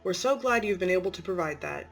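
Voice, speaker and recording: A woman's voice: fairly low pitch, expressive, fast talker, gravelly. A woman voicing a polite, self-effacing mother figure who talks in a subdued way, in an amateur story reading.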